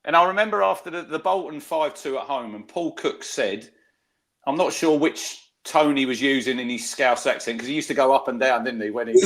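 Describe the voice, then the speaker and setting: Chatty middle-aged storyteller. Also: male voice, mid-range voice, a little fast. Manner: chatty storyteller, lively anecdotes, many fillers. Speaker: podcast co-host. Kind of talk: casual football chat.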